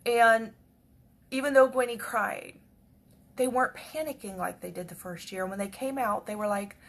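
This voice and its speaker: A woman telling a personal story in a chatty, repetitive way that often drops to a hush. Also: a little high, moderate pace. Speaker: devotional speaker.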